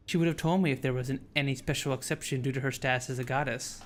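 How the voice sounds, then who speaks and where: A man's voice: medium pitch, steady tone, fast, soft background music. A man streaming, reading a visual novel's narration aloud in a casual way, often restarting and stumbling over words.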